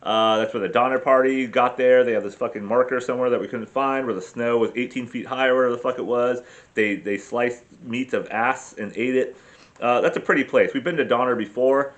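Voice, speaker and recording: A man's voice: medium pitch, a little fast. A man rambling through a casual travel vlog, swearing freely and telling self-deprecating stories about his camping trip with his family. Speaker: vlogger.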